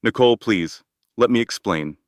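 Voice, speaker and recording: A man's voice: lowish voice, animated, normal speed, no echo, close to an everyday voice. A man voicing a powerful rich man in a narrated story, his voice raw and cracked. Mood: pleading.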